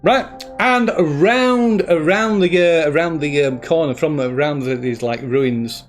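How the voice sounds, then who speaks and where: A man's voice: a little high, unhurried, faint music behind. A man narrating as game master in a tabletop role-playing session, stopping and restarting often as he searches for words.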